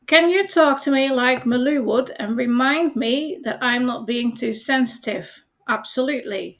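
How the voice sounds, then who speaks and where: A woman coach reads a reassuring chat reply aloud for a product demo. Her voice sits a little high and carries a gravelly texture. She speaks with gentle emphasis, lingering on comforting lines.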